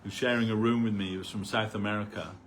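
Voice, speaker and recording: Man, low voice, casual rambling storyteller at a temple talk. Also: fairly even intonation, quick pace, a bit bright, slight background noise. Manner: conversational, rambling, frequent "you know". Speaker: speaker at a temple gathering. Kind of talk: informal spiritual talk, anecdote.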